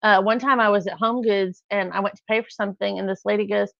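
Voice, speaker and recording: A woman's voice: medium pitch, steady tone, fast talker, creaky, fairly bright tone, no echo, muffled recording. A middle-aged woman chatting casually on a live stream, rambling through stories. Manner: chatty, rambling, acts out quotes with laughs.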